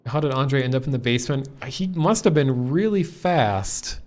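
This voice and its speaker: A man's voice: medium pitch, animated, normal speed. A man from Minnesota with a Minnesotan accent, chatting casually and rambling as he streams a game. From Minnesota, USA. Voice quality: chatty, rambling, many fillers. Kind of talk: casual live stream commentary.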